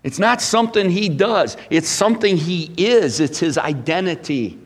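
Animated preacher man with a higher voice. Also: moderate pace, slightly rough, long reverb tail. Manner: animated preaching, swinging between loud emphasis and hushed asides. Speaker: pastor. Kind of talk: sermon.

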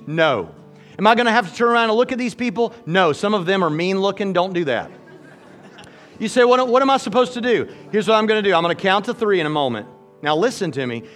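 High-voiced joking preacher man. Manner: folksy, joking, animated preaching. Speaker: pastor. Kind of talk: sermon altar call.

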